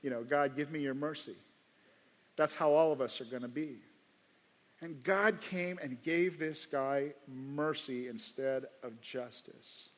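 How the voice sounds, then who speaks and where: Emphatic preacher man in echoing hall. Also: medium pitch. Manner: emphatic, repeats key phrases slowly. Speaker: pastor. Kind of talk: sermon. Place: church sanctuary before a congregation. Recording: long reverb of a large church hall.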